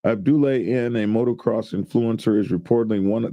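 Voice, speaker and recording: Reading news stories aloud, a man riffs jokingly on each headline with his co-hosts in a casual commentary chat. He talks briskly in a lowish voice with a dark tone, and there's no room sound.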